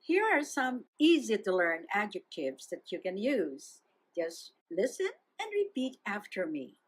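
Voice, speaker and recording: A woman's voice: medium pitch, slightly rough. A woman hosting a radio German lesson, repeating words and phrases for listeners. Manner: slow, drawn-out drill with repeated phrases. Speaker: German language segment host.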